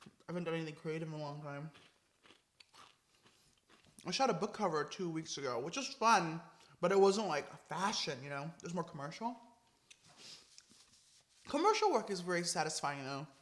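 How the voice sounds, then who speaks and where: A young man chatting casually in a vlog, gushing and expressive, swinging between excited and low-key. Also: normal speed, pauses often. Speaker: vlogger. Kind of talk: casual mukbang vlog chat.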